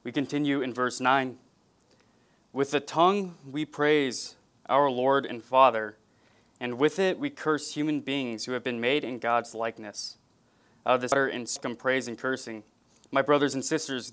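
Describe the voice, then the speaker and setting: A man from California preaching an earnest, measured sermon to his congregation, with a touch of light humor. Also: medium pitch, steady tone, a bit bright, smooth. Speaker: pastor.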